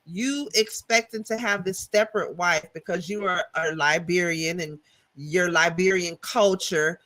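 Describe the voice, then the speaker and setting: A woman's voice: lowish voice, a little slow, a bit bright. A woman co-hosting a live TV review, talking in a sassy, blunt, slangy way. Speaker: co-host, TV reviewer. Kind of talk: casual live TV review chat.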